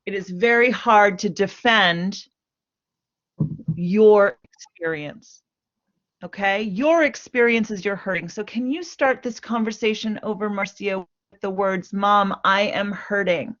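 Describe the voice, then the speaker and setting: A woman playing a family therapist in a role-play, coaching slowly and repeating okay. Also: mid-range voice, fairly bright tone, natural voice. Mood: guiding. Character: patient female family therapist coaching mother and daughter. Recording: muffled lo-fi recording.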